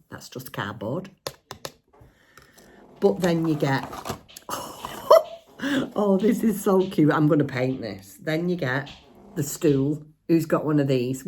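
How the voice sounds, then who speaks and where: A woman's voice: low voice, breathy edge. An older woman and grandmother chatting casually on her vlog, showing off a shopping haul, giggly and teasing. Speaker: crafting vlogger.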